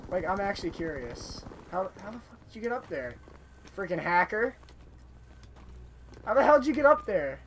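A man hosting a gameplay video, chatting casually with friends and yelling in frustration at the game. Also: sits high, sing-song, moderate pace, long pauses, low-quality recording. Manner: loud, exasperated, swears and yells at the game. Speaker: gaming channel host. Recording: game noise behind voice.

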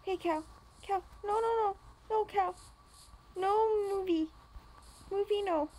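Very high-voiced young woman coaxing. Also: slow, mellow, poor audio. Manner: coaxing, doting on a pet cow. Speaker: gamer. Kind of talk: casual gaming chat.

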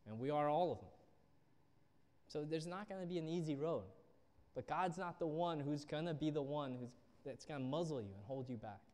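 A man's voice: fairly high pitch, expressive, moderate pace, darkish tone. A young man preaching a sermon as a youth pastor, telling stories and acting out the people in them. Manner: storytelling, acts out quoted people. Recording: long reverb of a church hall.

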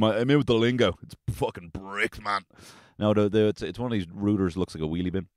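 A man's voice: low voice, dry recording, studio quality. A man hosting a podcast, rambling through a comic story with lots of "right?" and swearing. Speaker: podcast host. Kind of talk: comedic solo storytelling.

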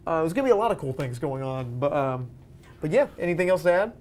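A man's voice: on the high side, big pitch swings, quick pace, darkish tone. A man hosting a casual movie podcast, eager and chatty, steering the talk and asking the others for their views. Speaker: podcast host.

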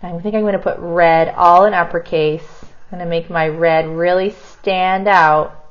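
A woman teacher modeling kindergarten writing, thinking aloud and slowly sounding out each word as she writes. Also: lowish voice, fairly even intonation, dull audio. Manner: slow, sounds words out while writing.

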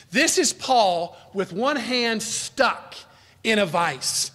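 A man preaching an expository sermon as pastor, earnest, his voice rising in pitch and volume for emphasis and then dropping low and quiet, now and then correcting himself. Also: expressive, slow pace.

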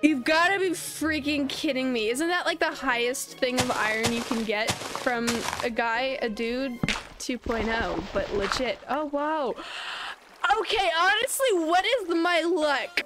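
A young woman commentating her Minecraft play with an excitable, playful manner, yelping and chatting to the creatures in the game. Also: sits high, measured pace. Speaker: gaming video creator. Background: background music.

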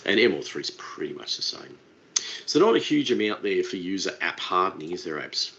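A man with a very low voice walks through a webinar in a relaxed, chatty way, tossing in informal asides. The audio is dull and lo-fi, like a typical online meeting recording. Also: brisk, gravelly. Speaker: webinar presenter. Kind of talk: casual webinar presentation.

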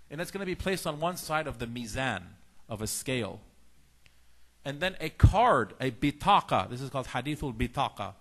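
A man giving a lecture on faith in sermon style, telling stories and acting out the lines of the people in them. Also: on the high side. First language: Farsi speaker. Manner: animated storytelling, acts out dialogue in shifting voices. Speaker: religious teacher.

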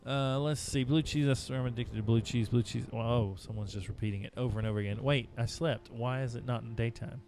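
This live-streaming gamer chats with viewers while playing, music behind him. His mid-range voice is a little mellow, with fairly even intonation, a fairly quick pace, and few pauses.

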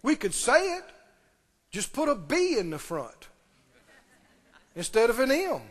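A man delivers a sermon in a notably high voice, pressing his points by repeating them and asking the congregation direct questions. His voice rings with the long reverb of a large meeting hall. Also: huge pitch swings, unhurried. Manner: emphatic, repeating key phrases and questioning the audience. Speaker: pastor.

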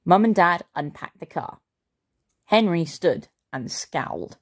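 A woman reads a children's story aloud with playful expression, taking her time. Her pitch sits on the low side but dances widely as she builds the scene. It is an unhurried storytime delivery. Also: sing-song.

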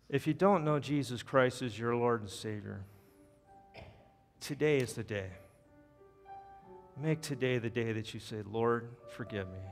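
A male pastor telling a story in his sermon and leading an altar call in a church. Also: medium pitch. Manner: storytelling, earnest, drops soft at invitation. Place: church sanctuary. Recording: long church reverb, faint music.

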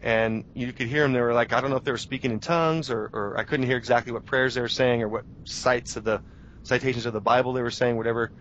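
Brief: thirties male guest, animated storyteller, mid-pitched voice, muffled lo-fi radio sound, faint hiss. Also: fast. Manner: animated storytelling with restarts and self-talk. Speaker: interview guest, journalist. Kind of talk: casual radio interview. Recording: dull lo-fi radio audio.

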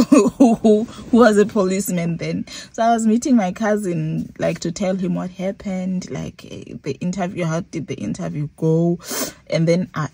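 A woman's voice: on the low side, a little mellow, slightly rough, dry recording. A young South African woman with a Xhosa accent tells a story to her vlog, mixing English and Xhosa and acting out her own reactions. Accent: South African, Xhosa-speaking. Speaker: vlogger. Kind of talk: casual storytelling.

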